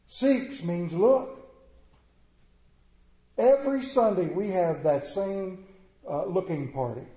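A pastor preaches a sermon in a folksy, animated storytelling way. His voice is mellow and a bit high. The recording rings in an echoey church. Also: slow pace, long pauses.

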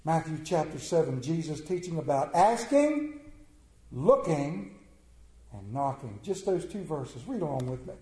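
A pastor preaches a sermon in a folksy, animated storytelling way. His voice is mellow and a bit high. The recording rings in an echoey church. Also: measured pace.

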